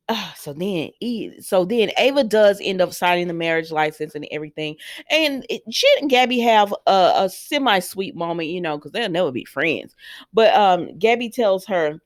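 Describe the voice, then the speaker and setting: A woman casually retelling a story to her viewers, talking in a chatty way and acting out the quotes, often jumping high in pitch. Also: expressive, normal speed, no room sound, clean studio sound. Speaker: soap opera recap vlogger. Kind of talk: casual chat.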